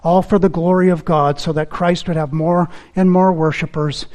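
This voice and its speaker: High-voiced earnest male preacher. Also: steady tone, normal speed, darkish tone. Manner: earnest, emphatic preaching that repeats key phrases. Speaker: pastor. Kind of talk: sermon with closing prayer.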